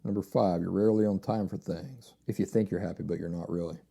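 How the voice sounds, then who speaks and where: A man's voice: sits low, steady tone, fast talker, vocal fry, dark tone, breathy edge. A man hosting a solo podcast in a casual, rambling way, often repeating phrases and restarting sentences. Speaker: podcast host.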